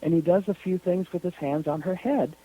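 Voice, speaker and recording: A man guest on a radio interview, telling a story in an animated, lively way over the phone. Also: high-pitched, fairly quick. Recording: tinny phone line.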